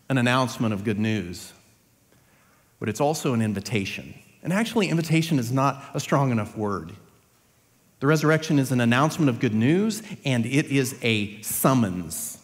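A man preaching a Sunday sermon in a church, earnest and building to emphatic peaks. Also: medium pitch. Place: church sanctuary. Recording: long church hall reverb.

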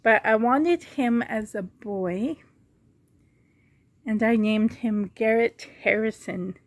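A woman giving a casual show-and-tell vlog at home, speaking gently and fondly with frequent pauses and a slightly hoarse throat. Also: fairly high pitch, no room sound. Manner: gentle, pausing often, fond and chatty. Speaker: doll collector vlogger.

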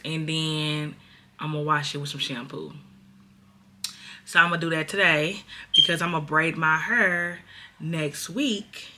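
A woman's voice: sits low, bright, forceful tone. A woman in her thirties talking candidly to her viewers in a casual home vlog. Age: 30s. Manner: candid, chatty, addresses viewers as y'all. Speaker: vlogger.

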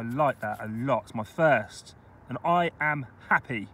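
A man talking casually to camera while metal detecting outdoors, chatty and excitable about his finds. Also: medium pitch, measured pace, husky. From England. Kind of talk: casual vlog commentary. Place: outdoors in a wet field.

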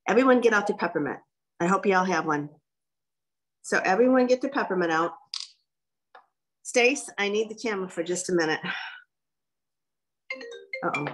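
A woman giving a direct, folksy workshop talk as guest speaker. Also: on the low side. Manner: lively, direct, folksy coaching. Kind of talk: workshop presentation.

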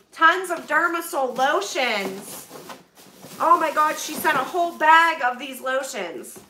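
High-voiced gushing woman live-streaming. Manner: gushing, emotional, thanks viewers often. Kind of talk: casual live-stream chat while unboxing donations. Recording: roomy, far from the mic, noisy.

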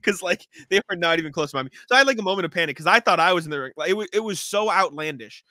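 A man's voice: high-pitched, lively intonation, racing, bright, forceful tone, no room sound. A man co-hosting a casual sports podcast, telling stories animatedly and acting out his own reactions with laughter. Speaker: podcast co-host. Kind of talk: casual chat.

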